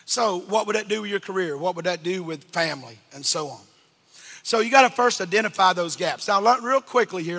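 Male pastor, high voice, very bright and piercing, call-and-response preaching, long church reverb. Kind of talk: sermon. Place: church sanctuary.

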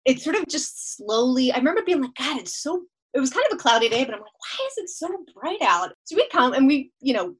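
A woman on a chat podcast tells a story with lots of energy, her voice sitting a bit higher than most. She jumps into loud, excited bits when she acts out what she said. The talk is loose and full of "like". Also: fast talker, few pauses, slightly rough. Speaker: guest storyteller. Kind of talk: casual storytelling.

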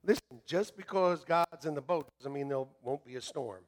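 A middle-aged male pastor preaching a sermon in church, joking and animated, swinging from shouting to hushed. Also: fairly high pitch, normal speed. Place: church sanctuary.

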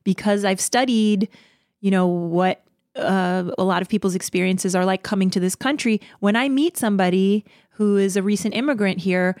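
A woman playwright and performer in a casual interview, animated, with frequent laughs and quick asides. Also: mid-range voice, no room sound, clean studio sound.

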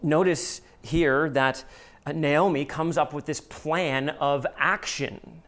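A middle-aged male pastor preaching with earnest conviction, his voice sitting a little high for a man. He tells stories and prays in a steady pulpit manner. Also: takes it slowly. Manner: earnest prayer, then storytelling preaching. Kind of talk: sermon.

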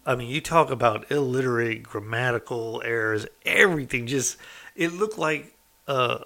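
A man's voice: medium pitch, normal speed, gravelly, bright, forceful tone. A man, a former inmate, telling a story in a loose, conversational way, full of fillers. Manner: loose and conversational, with many fillers like "you know" and "like". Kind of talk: casual spoken storytelling.

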